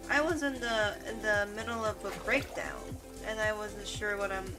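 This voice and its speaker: A woman's voice: medium pitch, moderate pace, over music. Woman chatting casually over a game. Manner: chatty, amused, thinking aloud. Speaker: gameplay streamer. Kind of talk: casual let's-play commentary.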